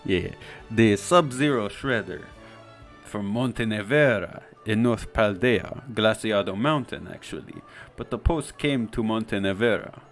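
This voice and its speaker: A man voicing a cold, aloof young male snowboarder in a put-on Russian accent, curt and loud. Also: on the low side, expressive, measured pace, faint music behind. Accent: fake Russian.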